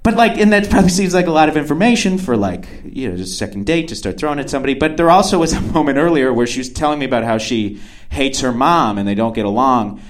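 A young man telling a self-deprecating story on stage. His pitch jumps all over the place as he acts out his own thoughts. He stumbles into restarts and fillers, then barrels on. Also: lively intonation, fast, hardly any pauses. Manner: acts out quotes of himself. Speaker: stand-up comedian. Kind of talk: stand-up storytelling.

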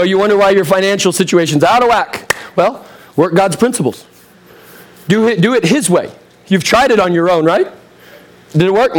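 A pastor in his thirties preaches in a slightly high voice, speaking directly and conversationally and asking the congregation rhetorical questions. His voice is beginning to get a little hoarse.

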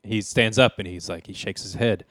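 A man hosting a comedy podcast, retelling episodes in a dry, deadpan way. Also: lowish voice, normal speed, dry recording. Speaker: podcast host. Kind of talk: casual comedic recap.

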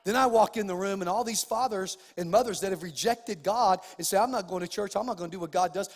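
High-voiced pastor preaching in a reverberant hall. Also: male voice, quick pace. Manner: preaching with acted-out dialogue and rising emphasis. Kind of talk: sermon.

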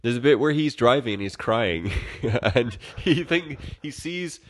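A man's voice: mid-range voice, expressive, unhurried, no echo. A man co-hosting a casual film-review podcast, rambling and swearing as he retells the plot. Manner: rambling, profane, acts out characters in quotes. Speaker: podcast co-host.

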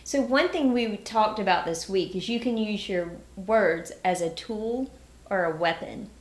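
A woman's voice: medium pitch, unhurried. Earnest woman speaking in an echoey room. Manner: earnest, emphatic, illustrates with example phrases. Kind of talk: casual conversation.

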